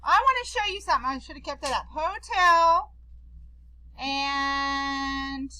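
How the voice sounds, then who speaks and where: A woman teacher with a very high, bright voice walks her class through a phonics drill. She talks slowly and deliberately, giving short prompts one at a time, in a classroom. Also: low-quality recording. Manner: slow, deliberate, instructive.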